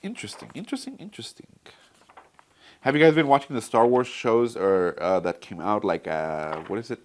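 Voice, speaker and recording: This casual review vlog features a man whose voice sits on the low side, moving at a moderate pace with a bit of background noise. He goes through a comic book collection with chatty enthusiasm, speaking straight to his audience.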